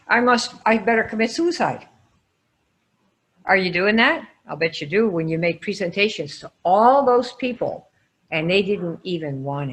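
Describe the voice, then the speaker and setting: Lively woman coaching a live class. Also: lowish voice. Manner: energetic, calls on listeners by name; lively, quizzing the audience. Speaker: sales trainer. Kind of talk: live online coaching session.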